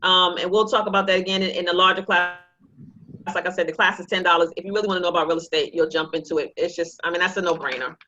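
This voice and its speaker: A woman teaching a real estate investing class, talking in a lively, joking, sales-pitch way. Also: quick pace, muffled recording, slight background noise. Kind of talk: live online class presentation.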